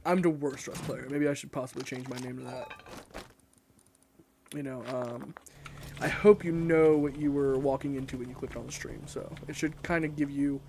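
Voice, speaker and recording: A young man with a dark, mid-range voice and noticeable vocal fry chats casually while gaming on a live stream, speaking at normal speed with fairly even intonation. He rambles, swears often and ribs himself, and a slight hiss or hum sits under the recording.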